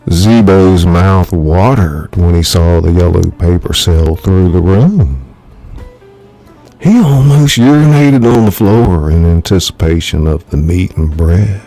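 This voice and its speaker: A man, an author, reading his own thriller novel aloud in measured, dramatic storytelling. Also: low voice, expressive, warm tone, faint music behind. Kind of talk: live audiobook narration.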